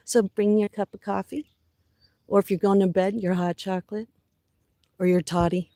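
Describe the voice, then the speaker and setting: A woman with a groggy, gravelly morning voice hosts a relaxed livestream from her backyard. Her tone is mellow and dark, and she chats unhurriedly, greeting viewers one by one. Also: lowish voice, dry recording. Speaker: livestream host. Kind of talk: casual livestream chat.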